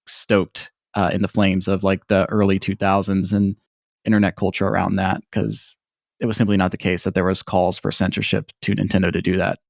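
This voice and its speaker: A man's voice: low-pitched, level tone, brisk, gravelly, dry recording, studio quality. A man hosting a casual podcast discussion, talking in long rambling sentences full of fillers and restarts. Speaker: podcast host.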